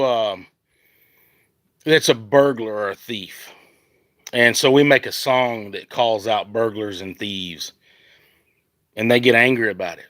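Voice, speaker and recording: A Southern American man talks into his phone outdoors, fired up and rambling, circling back to his point again and again. His voice is bright and forceful, and the sound is dry and close, with no room around it. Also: mid-range voice, no echo. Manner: rambling, heated, restarts often. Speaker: country singer on a livestream. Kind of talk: casual livestream rant. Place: outdoors in the heat. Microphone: phone at arm's length.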